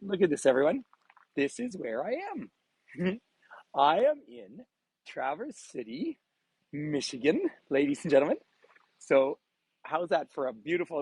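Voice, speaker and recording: The travel guide here has a mid-range, slightly mellow, husky voice, recorded dry yet rough through a phone on a gimbal. Walking outdoors by a frozen bay on a live vlog, he's chatty, often laughing, and says hello to viewers by name.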